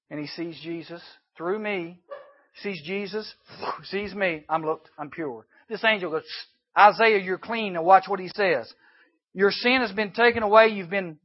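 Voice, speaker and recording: High-voiced animated man preaching. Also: highs cut off. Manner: animated preaching, rhetorical questions, dips to quiet asides. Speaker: youth speaker. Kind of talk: sermon to junior high students.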